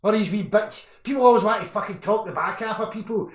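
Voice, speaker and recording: Angry guy in his 30s, fairly high voice, foul-mouthed live rant, echoey room. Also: brisk, creaky. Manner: angry, profane, swings from muttering to shouting. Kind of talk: ranting live chat. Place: indoor room.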